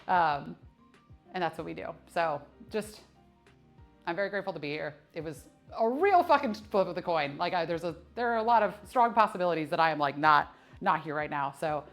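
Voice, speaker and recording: A woman's voice: on the low side, lively intonation, brisk, soft background music. A woman in her thirties chatting candidly on a live fitness stream, laughing often and swearing freely. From United States. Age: 30s. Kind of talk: casual live-stream chat. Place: gym. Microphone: streaming camera mic.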